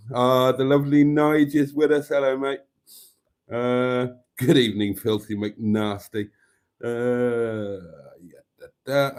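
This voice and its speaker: A man chats casually on a live stream. He reads viewer comments aloud and greets each viewer in a friendly, rambling way. His voice sits at an ordinary middle pitch. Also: a little mellow.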